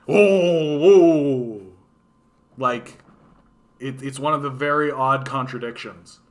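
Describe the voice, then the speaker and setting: Profane, bright-voiced ranting man. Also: mid-range voice. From Canada. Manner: profane, animated, mocking quoted voices. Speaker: livestream host. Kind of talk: casual ranting monologue.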